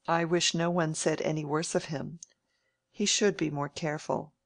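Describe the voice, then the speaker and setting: A woman reading an audiobook and voicing a frank, dry-witted young woman in close to her own low voice. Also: fairly even intonation, normal speed, gravelly, no echo. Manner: dry and blunt.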